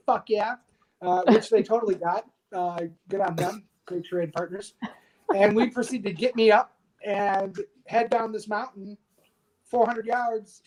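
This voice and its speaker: A man in his thirties from the United States, a podcast guest telling a war story candidly and with dark humor, swearing freely. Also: sits high, rough recording. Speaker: podcast guest, army veteran. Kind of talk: casual storytelling interview.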